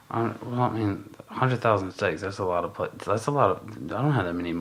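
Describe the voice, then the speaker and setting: A man's voice: lowish voice, fairly quick, fairly bright tone. A man co-hosting a podcast in casual chat, musing and rambling with lots of fillers and swearing. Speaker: podcast co-host.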